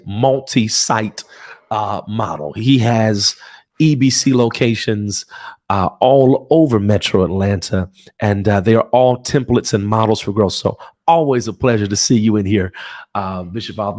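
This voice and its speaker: A man preaching to an online audience from his home office. He speaks with fervent, emphatic conviction and repeats key phrases for his listeners, in a voice of ordinary middle pitch. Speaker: pastor. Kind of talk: livestreamed preaching.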